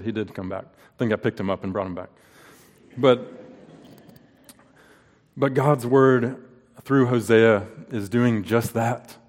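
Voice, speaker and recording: A man in his thirties preaching a sermon in an earnest way, asking rhetorical questions and telling personal stories. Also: lowish voice. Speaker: pastor. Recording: long reverb of a large hall.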